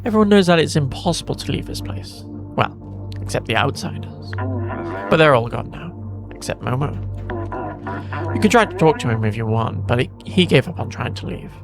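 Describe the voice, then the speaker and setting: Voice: medium pitch, lively intonation, moderate pace, music in the background, lightly acted. A streamer reading aloud the lines of a robot guardian in a game. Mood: dismissive.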